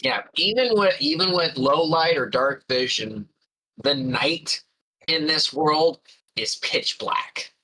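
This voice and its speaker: A man running a tabletop game as game master, describing the scene in an unhurried, musing way with frequent fillers. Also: fairly high pitch, sharp tone, rough recording.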